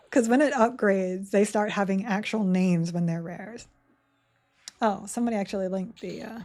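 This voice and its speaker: A woman's voice: medium pitch, mellow. A young adult woman streaming a game live, chatting casually, giggling and reading chat aloud.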